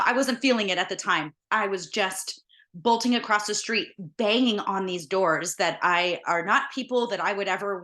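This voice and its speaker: A woman's voice: mid-range voice, pushed and bright. A woman host earnestly retelling a personal story in a conversational way. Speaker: podcast host.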